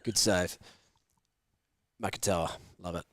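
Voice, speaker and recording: A young man hosting a live sports watch-along, telling a prank story with lots of swearing and shouted voices for the people in it. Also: low-pitched, takes it slowly, dry recording, clean studio sound. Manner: animated, swearing, shouts out voices in his stories. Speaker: host.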